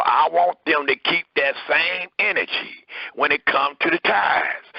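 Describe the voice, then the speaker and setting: Preaching emphatically with a gravelly voice, a man reads scripture aloud and presses hard on each word as his pitch rises and falls. The audio is dry and muffled.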